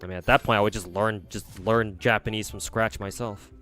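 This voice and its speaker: A man's voice: lowish voice, steady tone, brisk, a bit bright, faint music behind. A young man chatting casually as a streamer, answering viewers with lots of fillers and restarts. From United States. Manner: rambling, many fillers and restarts.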